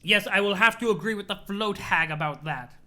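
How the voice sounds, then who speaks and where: A streamer reading a webcomic aloud live, chatty and excitable, reacting to chat. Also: medium pitch, fairly quick.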